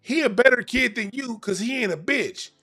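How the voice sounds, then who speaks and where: A man's voice: very high-pitched, expressive, moderate pace, pushed and bright, breathy edge, faint music behind, pitched above the performer's own voice, exaggerated voice. A man voicing a cruel mother who curses at her young son in a harsh, insulting way. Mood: contemptuous.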